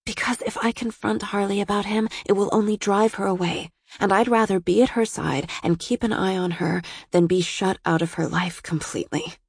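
A woman voicing a soft-spoken, guarded woman who is weary and lovelorn, in a quiet, hushed delivery. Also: medium pitch, fairly even intonation, moderate pace, creaky, hardly any pauses, breathy edge, no room sound, clean studio sound, pitched above the performer's own voice. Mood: subdued.

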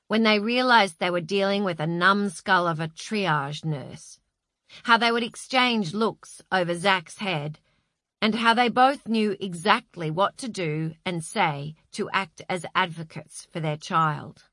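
A woman reading a novel aloud in a measured, expressive narration. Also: on the low side, dry recording, clean studio sound. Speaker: audiobook narrator. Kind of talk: scripted narration.

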